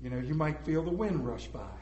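A man's voice: on the high side, expressive, brisk, highs cut off. Folksy male preacher in an echoing hall. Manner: joking storyteller, swings between loud and hushed. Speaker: preacher speaking to a congregation. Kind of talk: folksy sermon. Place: large hall with an audience.

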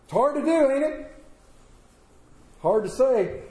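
High-voiced preacher man, roomy church. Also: animated, slow pace, pauses often. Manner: swings between loud emphatic bursts and quiet, soft-spoken asides. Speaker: pastor. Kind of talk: sermon. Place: church sanctuary with congregation.

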